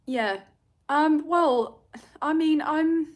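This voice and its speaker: A woman's voice: on the high side, unhurried. A young British woman with a London accent, hosting a tarot livestream and chatting emotionally with viewers, rambling with fillers and nervous laughs. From Britain. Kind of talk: casual livestream chat reading comments.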